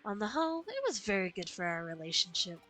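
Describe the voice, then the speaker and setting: A woman's voice: mid-range voice, sing-song, fast, fairly bright tone, soft background music, low-quality recording. A woman reading the lines of a smug, scheming male villain from a game, silky and condescending. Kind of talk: reading game dialogue aloud.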